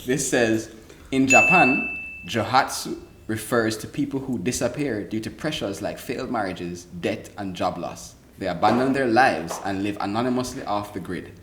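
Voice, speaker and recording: A man's voice: lowish voice, moderate pace, fairly bright tone. A man chatting casually with friends, joking and admitting he is confused. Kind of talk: casual chat. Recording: roomy, with faint background noise.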